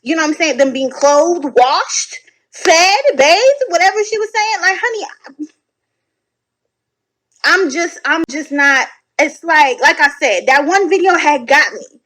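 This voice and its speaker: A woman giving casual reaction commentary from home at night, animated, sassy and blunt, swearing freely. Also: high voice, measured pace, rough recording. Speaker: online commentator reacting to videos.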